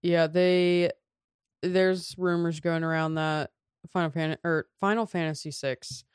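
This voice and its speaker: A woman's voice: fairly low pitch, fairly even intonation, unhurried, clean tone, no echo, clean studio sound. A young adult woman co-hosting a casual podcast, joking around and often trailing off mid-thought. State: has hiccups. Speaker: podcast co-host. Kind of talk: casual chat.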